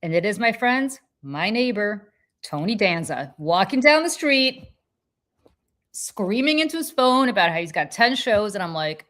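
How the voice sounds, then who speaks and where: A woman hosting a podcast, telling a story in casual chat with lively, profane energy. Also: medium pitch. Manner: animated, profane, quick restarts. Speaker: podcast host.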